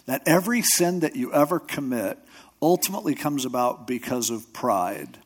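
A medium-pitched, animated man preaches at normal speed in a conversational sermon style; he is a pastor and a radio host. He tells stories, gives quotes in other voices, and speaks loosely, with restarts and asides.

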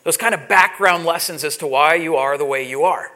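High bright-voiced guy preaching, storytelling sermon, gets loud and animated. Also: a little fast. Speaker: pastor.

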